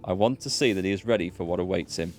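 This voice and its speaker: A man's voice: sits low, fast talker, soft background music, close to an everyday voice. A British man voicing a proud, unsmiling female lone hunter as he reads a game's dialogue aloud in a raised voice. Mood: stern.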